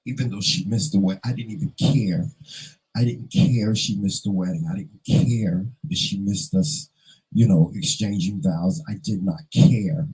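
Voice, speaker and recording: A man's voice: low voice, moderate pace, darkish tone, breathy edge, poor audio. A man vlogger telling a personal story in an earnest, emotional way, fighting back tears and repeating phrases for emphasis.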